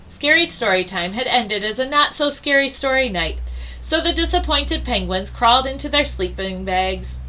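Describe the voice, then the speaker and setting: A woman reading a children's storybook aloud with expressive delivery and dramatic pauses. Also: mid-range voice, a little hiss or hum, poor audio. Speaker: storybook reader.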